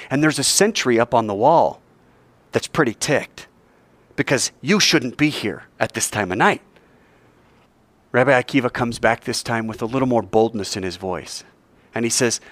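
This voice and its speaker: A man's mid-range voice comes through in a dry recording at a moderate pace. As a chapel speaker at a school, he gives students a sermon, telling a story conversationally and quizzing them with lively questions.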